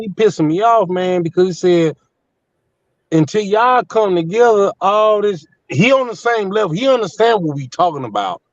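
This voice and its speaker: A man's voice: medium pitch, dry recording. Heated, profane man in his fifties. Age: 50s. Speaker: panel guest. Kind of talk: casual live panel chat. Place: in a truck on the road. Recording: dull lo-fi line.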